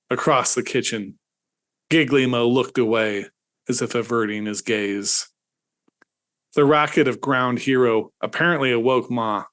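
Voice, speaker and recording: A man reading his own satirical short story aloud, with a middle-pitched voice that leaps high at the comic peaks. His delivery is theatrical, leaning into mock-heroic drama. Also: a bit bright. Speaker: host and author.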